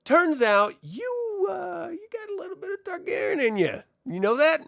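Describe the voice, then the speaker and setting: A man voicing a commanding young queen, persuading in a brisk, matter-of-fact way. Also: very high voice, big pitch swings, gravelly, no echo, clean studio sound, voice pushed up, exaggerated voice. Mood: coaxing.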